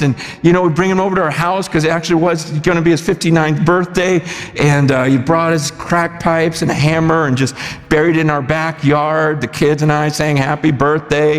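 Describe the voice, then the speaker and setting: Animated preacher in a reverberant hall. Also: male voice, on the high side. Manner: animated, conversational storytelling with bursts of shouting. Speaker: pastor. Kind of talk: sermon storytelling.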